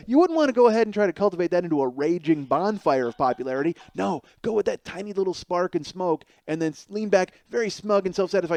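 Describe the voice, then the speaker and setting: Fast and expressive with few pauses, his fairly high, slightly mellow voice comes through with no echo. He's a podcast host in his forties spinning a rambling, self-mocking comic tale and acting out voices along the way.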